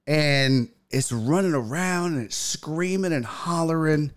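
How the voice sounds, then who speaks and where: A man hosting a podcast, telling a story in casual chat, profane and animated. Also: a little slow, few pauses. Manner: animated, profane, acts out quotes in a loud high voice. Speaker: podcast host.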